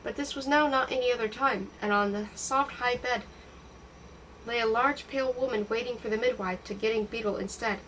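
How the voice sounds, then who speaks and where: A woman reading a novel aloud in a steady, expressive storytelling voice. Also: a little high, a little fast, distant mic, a little hiss or hum, poor audio. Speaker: audiobook reader.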